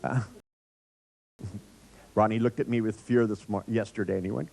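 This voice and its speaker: A man's voice: fairly low pitch, moderate pace, creaky, pauses often, darkish tone. A man leading a live workshop in front of an audience, telling blunt, irreverent stories and laughing often. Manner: joking storyteller, laughs often. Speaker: workshop trainer.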